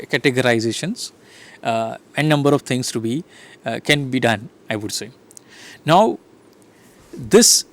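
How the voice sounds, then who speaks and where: Hesitant Indian English lecturer. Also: male voice, mid-range voice. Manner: hesitant, many fillers and restarts. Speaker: teacher educator. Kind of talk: online lecture.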